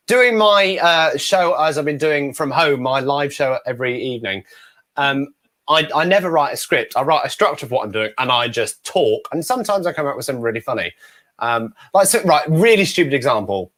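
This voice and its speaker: Young English male entertainer, lightly high-pitched, rambling anecdotes with self-mockery. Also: fairly bright tone. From England. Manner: chatty, self-deprecating storyteller. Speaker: ventriloquist guest. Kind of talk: casual interview chat.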